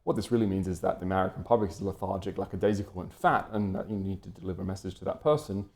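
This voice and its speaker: Low, mellow male voice, British-raised, rambling lecture delivery with ums and restarts. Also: very fast, few pauses. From Britain. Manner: wordy, lots of fillers and restarts. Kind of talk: unscripted lecture-style commentary.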